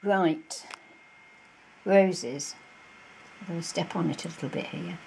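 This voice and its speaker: A woman's voice: fairly low pitch, slow pace, creaky, background noise. A woman crafting vlogger in a casual show-and-tell, chatty and gushing, with many fillers, recorded on a camera mic at home.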